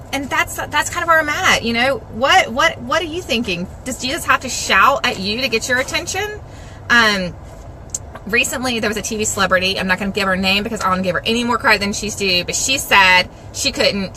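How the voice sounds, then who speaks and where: A middle-aged woman, talking casually and devotionally to the camera in a chatty, self-deprecating way with lively asides. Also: a little high, brisk, slight background noise, poor audio. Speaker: Christian vlogger.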